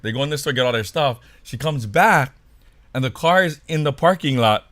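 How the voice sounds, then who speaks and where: A man's voice: medium pitch, animated, normal speed, a bit bright, dry recording. A man from Hawaii co-hosting a podcast, telling a funny story in casual chat and laughing along as he goes. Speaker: podcast co-host.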